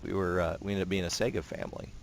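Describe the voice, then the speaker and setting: A man giving casual commentary while playing a naval combat game, talking in a relaxed, rambling way with many fillers and restarts. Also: deep voice, racing, vocal fry, a little hiss or hum. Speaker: gameplay commentator.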